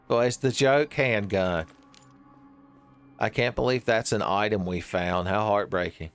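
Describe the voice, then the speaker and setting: A man's voice: lowish voice, unhurried, clear, resonant tone, faint music behind. A man giving joking, rambling commentary while he plays a horror game, often laughing at his own jokes. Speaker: streamer playing a horror game.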